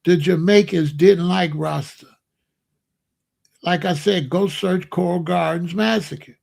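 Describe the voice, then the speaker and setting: A man's voice: sits high, takes it slowly, vocal fry, a little mellow. A man hosting a livestream, answering chat and lecturing insistently, repeating his points. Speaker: streamer host.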